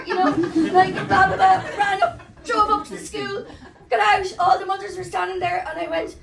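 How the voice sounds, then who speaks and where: A woman's voice: very high voice, fairly even intonation, moderate pace, gravelly, slight background noise. An Irish woman performing a crude, self-mocking stand-up comedy set in a live comedy club, chatting with the crowd. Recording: roomy, distant live club sound. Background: loud crowd laughter.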